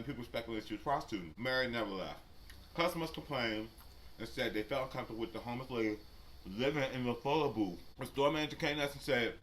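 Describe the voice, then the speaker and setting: A man vlogger telling a story casually while he eats, animated and profane, and talking straight to his viewers. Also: mid-range voice, quick pace, slight background noise. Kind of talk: casual storytelling during a mukbang.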